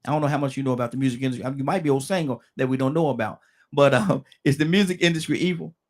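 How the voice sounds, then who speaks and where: A man hosting a call-in radio show, briskly keeping callers to time. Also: medium pitch, darkish tone. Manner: brisk, keeps callers moving. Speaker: radio host.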